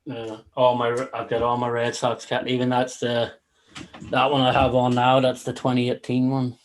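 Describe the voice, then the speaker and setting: A man's voice: medium pitch, monotone, normal speed, rough recording. Male host, casual rambling delivery, loose and profane, on a video call. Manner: rambling, swears casually, chuckles. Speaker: livestream host. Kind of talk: casual chat.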